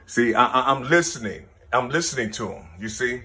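A man, rambling through a spiritual numerology monologue, counting numbers half-aloud and repeating "you see". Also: sharp tone. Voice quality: very husky, slow, low-key. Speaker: self-taught numerology teacher.

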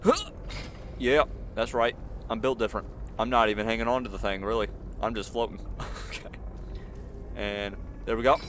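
A man's voice: on the low side, quick pace, noisy background. A man hosting a gaming channel, doing casual let's-play commentary; he talks to the screen in slang and yelps when he is startled. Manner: jumpy, talks to the screen, frequent frightened yelps; casual slang, says "bro" and "y'all".

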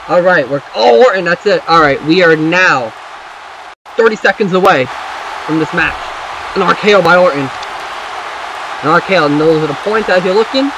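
High-voiced man frantically calling a wrestling game. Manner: frantic, rambling, swears, yelps at big moves. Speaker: gamer commentating a wrestling video game. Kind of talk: excited play-by-play game commentary. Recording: loud game crowd and noise behind voice. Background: wrestling game crowd audio.

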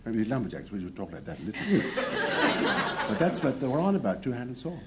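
A man's voice: mid-range voice, wildly swooping pitch, a little fast, very noisy. A man who is a game show team captain, telling a rambling, self-mocking tall tale. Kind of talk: comic storytelling.

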